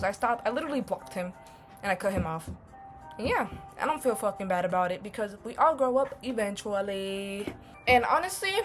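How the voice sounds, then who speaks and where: A young adult woman telling a casual storytime vlog, blunt and animated, swearing heavily and using a lot of slang. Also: a little high. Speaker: vlogger.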